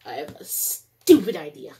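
A woman giving casual gameplay commentary, excitable, squealing and yelling taunts. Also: sits low, moderate pace, slight background noise. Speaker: gaming streamer.

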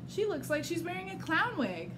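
A woman's voice: very high-pitched, very animated, moderate pace, background noise, pitched above the performer's own voice. A woman reading aloud, voicing a vain, jealous female pony who sneers and boasts. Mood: sneering.

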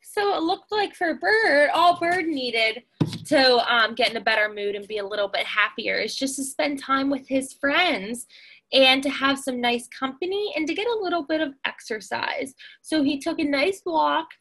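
A young woman teacher speaks to toddlers in a high, gentle voice. She talks slowly and kindly, with a soft sing-song lilt, the way one talks to very small children after a story. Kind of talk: read-aloud for toddlers.

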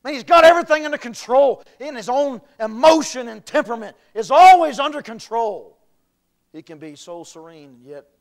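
A pastor with a high voice preaches in a church, dropping to low earnest tones and then rising to shouted declarations. He is a man, and his voice carries through the sanctuary. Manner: swings from quiet earnest talk to shouted emphasis. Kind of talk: sermon.

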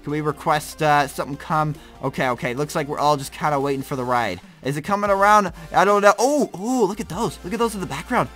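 A young man with a bright, high voice gives slangy, excitable let's-play commentary. He reacts loudly and laughs often, with faint game music underneath. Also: fast talker, hardly any pauses. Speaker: gaming YouTuber.

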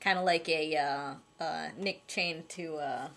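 Young female co-host, bright tone, joking interjections, casual chat. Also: sits low. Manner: joking, quick interjections, hesitant fillers. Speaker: co-host reviewing episodes.

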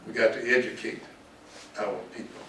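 An older man with a Southern US accent, a pastor speaking to students in a preaching style, repeating key words and slowing down for stress. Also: fairly low pitch, steady tone, sharp tone. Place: large auditorium. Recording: echoey hall, distant mic, light noise.

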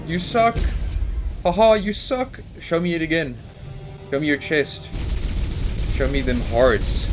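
Panicky young man narrating his gameplay. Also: medium pitch. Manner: panicky, talks to the game character and the monster. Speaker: gaming YouTuber. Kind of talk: let's play commentary. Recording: faint music behind. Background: game music.

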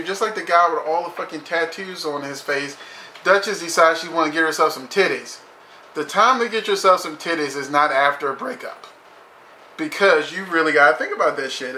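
A man's voice: fairly high pitch, moderate pace, pushed and bright, echoey room, a little hiss or hum. A man reviewing a TV episode in casual commentary, blunt and profane, saying "you know" constantly.

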